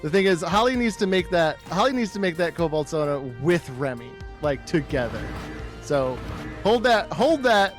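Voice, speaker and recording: A man's voice: on the high side, normal speed, soft background music. A man chatting casually on a live stream, dry and wry, often chiming in with short agreements.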